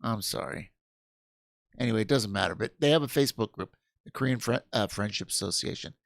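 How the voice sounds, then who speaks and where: A man's voice: lowish voice, brisk, dry recording, studio quality. A man hosting a casual livestream, rambling and restarting his sentences, tired and yawning. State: sleepy. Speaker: livestream host.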